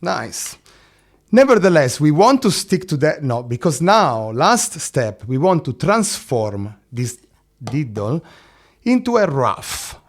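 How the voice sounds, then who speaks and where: A man's voice: on the high side, sing-song, takes it slowly. A man teaching a drum lesson, counting beats aloud, singing drum syllables and checking in with "no?" and "eh?".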